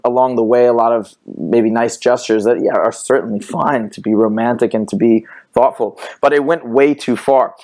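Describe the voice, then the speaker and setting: A man's voice: mid-range voice, darkish tone. A man hosting a dating podcast, talking casually and rambling through his questions with easy laughter. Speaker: podcast host. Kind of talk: podcast interview.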